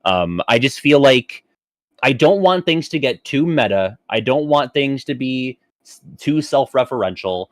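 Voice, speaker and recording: A man's voice: mid-range voice, animated, a little slow, dry recording, clean studio sound. A man as a guest on a casual podcast, hedging his opinions with fillers and breaking into joking, exaggerated rants.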